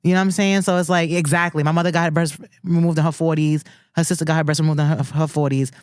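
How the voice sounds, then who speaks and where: A woman talks with a candid, blunt, profane edge. Her voice sits a little low. The sound is dry and close to the mic. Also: steady tone, fast talker, a little mellow, smooth, dry recording. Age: 30s. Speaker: podcast co-host. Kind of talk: casual chat.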